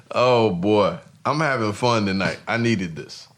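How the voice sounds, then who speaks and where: A man co-hosting a podcast in casual banter, telling stories with laughter and sudden loud shouts. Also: fairly low pitch, very animated, slow pace, a little hiss or hum. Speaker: podcast co-host.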